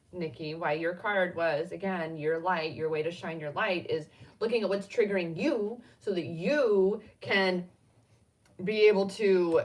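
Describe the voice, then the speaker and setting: A middle-aged woman hosting a casual card-reading chat, rambling spontaneously with sudden animated bursts. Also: medium pitch, far from the mic. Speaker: spiritual card reader and host.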